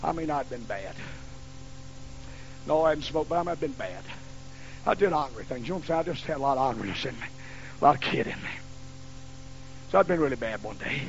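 Preacher guy in his 50s, gravelly voice, folksy fired-up sermon, dull recording with faint hum. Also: mid-range voice, expressive, fast talker, pauses often. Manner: folksy storytelling. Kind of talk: fiery sermon. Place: church.

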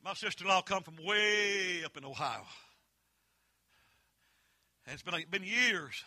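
A Southern Appalachian preacher delivers a holiness sermon in a very bright, ringing voice. He tells folksy, homespun stories and builds to impassioned peaks. He is recorded close and dry, with no room sound. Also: high-pitched, a little slow, no room sound. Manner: folksy storytelling that swells into impassioned shouting.

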